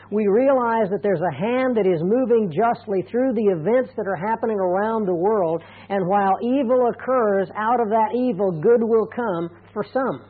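A middle-aged man preaching a sermon as a pastor, earnest and deliberate, slowing down to stress key points. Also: high voice. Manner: earnest, deliberate, slows down for emphasis. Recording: tinny phone-like radio broadcast.

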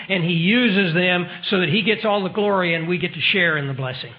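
A man's voice: high-pitched, lively intonation, fairly quick, few pauses. A man preaching a sermon in an emphatic style, asking the audience rhetorical questions. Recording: dull lo-fi recording.

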